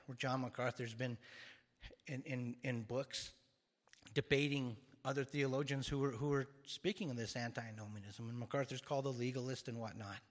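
A man preaching an earnest expository sermon, now and then repeating words as he restarts a phrase. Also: medium pitch. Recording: long hall reverb.

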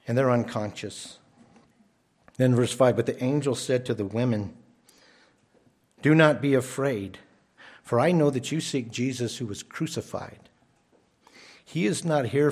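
A man's voice: medium pitch, a little mellow, husky. A man preaching a sermon as pastor, emphatic and often repeating his first words as he starts a phrase.

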